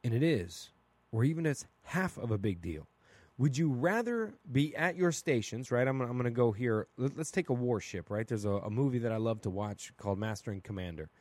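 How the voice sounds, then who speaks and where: A man hosting a solo podcast, talking through his opinions in a casual, blunt and animated way, asking "right?" again and again. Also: mid-range voice, fairly quick, no room sound. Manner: casual and blunt, with mild swearing. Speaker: podcast host.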